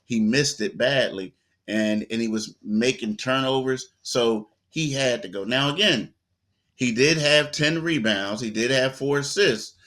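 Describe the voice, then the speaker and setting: Bright-voiced man breaking down a game. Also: mid-range voice. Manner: animated storyteller, acts out quotes, repeats words. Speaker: sports reporter guest. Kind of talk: casual sports talk.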